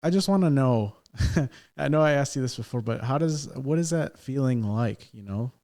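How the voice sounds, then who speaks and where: A man's voice: mid-range voice, lively intonation, moderate pace, dark tone. Man asking an interview question. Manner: brief prompts and follow-up questions. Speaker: podcast host. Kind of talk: casual interview.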